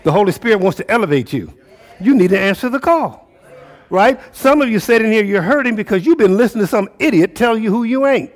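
A male pastor preaching a sermon, calling out to the congregation and swinging between shouts and low murmurs. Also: expressive, fairly quick, big-room sound. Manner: preaching with call-and-response, rising and falling intensity.

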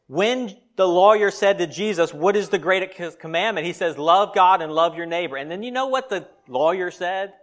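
A male pastor preaching a sermon, swinging between loud emphatic lines and quiet asides. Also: high-pitched, normal speed, hardly any pauses.

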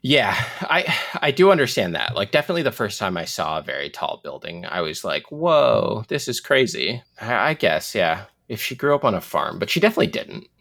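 A man with a low voice co-hosts a relaxed podcast chat, laughing easily. His pitch rises and falls widely as he riffs. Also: fast talker, few pauses. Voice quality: laughs often, wide-ranging pitch. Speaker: podcast co-host. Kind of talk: casual chat.

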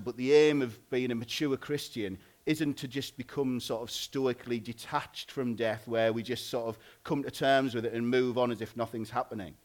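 Male preacher, relaxed conversational sermon delivery, average pitch. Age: adult, married. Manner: informal, conversational, frequent "like" and restarts.

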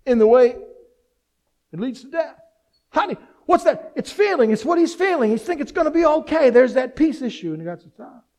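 A male pastor preaching an animated sermon, asking the congregation rhetorical questions and mixing in humor. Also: very high-pitched, fairly quick.

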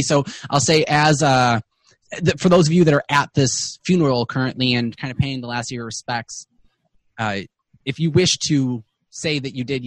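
A man narrating as game master in a tabletop game, pausing often with fillers. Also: mid-range voice, dry recording. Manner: halting, many fillers, trails off.

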